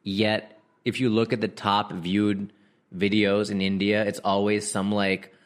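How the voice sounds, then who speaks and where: A young comedian with a somewhat low voice riffs casually to his listeners. He talks in slang, laughs mid-sentence and breaks into quick impressions of other people. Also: flat delivery. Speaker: comedian podcast host. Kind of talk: casual comedic riffing monologue.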